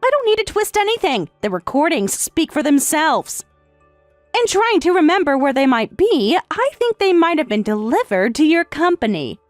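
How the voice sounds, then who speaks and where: A woman voicing a calm, sarcastic wife in a text-message story, speaking in a matter-of-fact way. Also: high voice, moderate pace, dry recording, faint music behind. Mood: cool, sarcastic. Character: calm, sarcastic wife who has left her husband.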